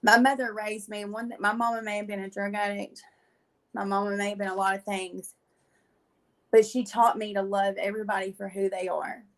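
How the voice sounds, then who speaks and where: A woman, a guest on a talk show, telling her faith testimony in an animated, chatty way with many filler words and frequent laughs. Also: medium pitch, brisk, rough recording. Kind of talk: animated storytelling.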